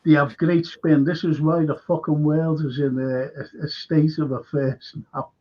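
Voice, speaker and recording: An older man hosting a casual fan podcast, rambling, animated and swearing a lot. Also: a little high, unhurried. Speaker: host. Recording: dull lo-fi call audio.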